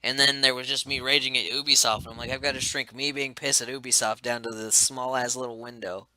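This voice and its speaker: A man with a strikingly bright, brassy voice holds forth on a casual gaming podcast. He rants freely about his console connection and curses without restraint, in an easy, offhand manner. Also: mid-range voice, little pitch movement, brisk, no echo, low-quality recording. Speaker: podcast host and editor.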